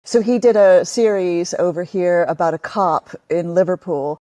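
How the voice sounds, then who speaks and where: A middle-aged woman from England, a comedy writer chatting as a podcast guest, talkative and quick to laugh at herself. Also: fairly low pitch, warm tone. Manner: chatty, laughs often, self-deprecating. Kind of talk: casual podcast interview.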